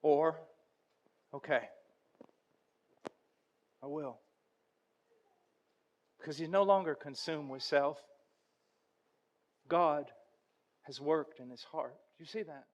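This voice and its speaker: A male preacher with a notably high voice delivers a sermon. He tells stories dramatically and builds to loud, intense passages. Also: a little slow, long pauses, dull audio.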